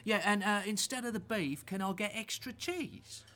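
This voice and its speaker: A man's voice: sits high, normal speed, sharp tone. A man playing a fussy, stubborn diner on a date who keeps interrupting to change his order. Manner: pedantic, interrupting, indignant.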